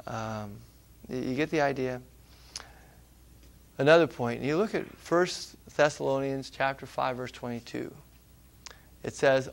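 Gravelly-voiced man preaching earnestly. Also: on the high side. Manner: earnest, conversational preaching with sudden loud emphasis and hushed asides. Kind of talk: sermon.

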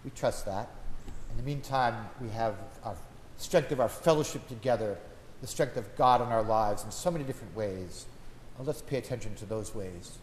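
A man's voice: lowish voice, moderate pace. A man preaching an informal sermon as a priest, chatty, with homely stories. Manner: conversational, folksy storytelling. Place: church. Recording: long church reverb, faint background hum.

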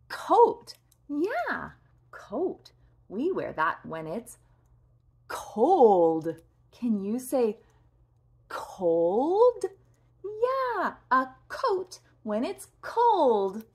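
A young woman leads a toddler speech lesson in a bright, high voice that swoops up and down. She speaks very slowly and stresses each sound with care. She pauses often so the child can repeat after her. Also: breathy edge. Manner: sing-song, over-articulated, with pauses for the child to repeat.

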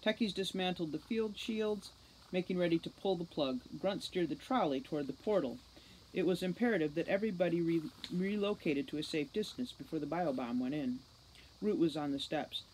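A woman reading a novel aloud with steady, measured narration. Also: lowish voice, a little hiss or hum, rough recording. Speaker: audiobook reader.

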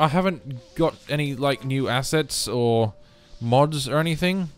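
A man casually commenting on his life-simulation game, rambling and breaking into sudden excited outbursts. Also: medium pitch, unhurried, few pauses, faint music behind. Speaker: let's play host.

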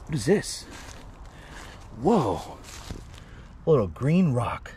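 Brief: male vlogger, rambling and playful, very lively up-and-down pitch, outdoors. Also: takes it slowly, slight background noise. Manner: joking, chatty, talks to viewers nonstop. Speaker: paranormal explorer vlogger. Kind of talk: rambling solo commentary. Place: outdoor wooded trail.

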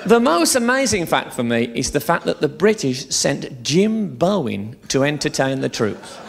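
Lively bawdy stand-up comedian man. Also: a little high, moderate pace, vocal fry. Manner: bawdy, swearing, chatty storytelling. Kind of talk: live stand-up routine. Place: theatre stage, live show.

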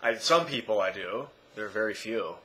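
Man vlogger, lowish voice, rambling musings to a camera mic, faint room noise behind. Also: normal speed, rough recording. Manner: rambling, self-correcting, often trails off quietly. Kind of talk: casual talk to camera.

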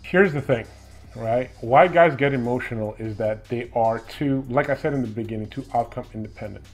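A man's voice: medium pitch, moderate pace, faint music behind. A man giving firm, instructive dating advice straight to the camera, often checking in with "okay?" and "right?". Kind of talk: direct-to-camera advice monologue.

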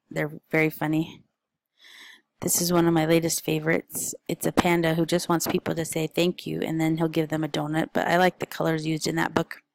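Low, gravelly-voiced woman, flat delivery. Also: no room sound, low-quality recording. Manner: chatty and informal, with frequent fillers. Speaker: parent. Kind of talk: casual book recommendations.

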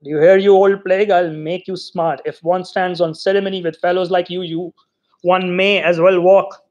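A man's voice: high-pitched, normal speed, muffled recording, lightly acted. A man doing a cracked-voiced hunchback bully. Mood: impatient, jeering. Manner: bossy, shouting, abusive. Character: irritable male hunchback reveler, cracked voice.

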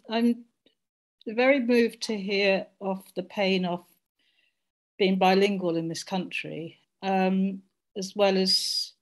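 Middle-aged woman from Jamaica, panelist on a video call, reflective, mid-pitched. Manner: reflective, searching for words. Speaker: discussion panelist. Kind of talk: personal reflection in a group discussion.

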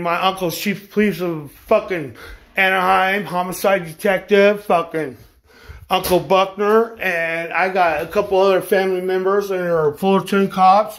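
A man with a high voice rants to his viewers, furious and full of swagger. He boasts and curses in nearly every phrase, challenging anyone listening. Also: fairly bright tone. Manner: boastful, aggressive, swearing constantly. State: angry. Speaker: vlogger ranting to camera. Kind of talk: profane angry rant.

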